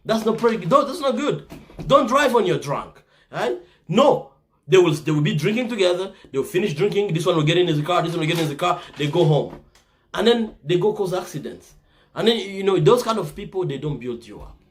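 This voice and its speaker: A man's voice: fairly high pitch, expressive, brisk. A man giving a casual motivational talk, repeating himself and restarting phrases as he goes. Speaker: motivational speaker.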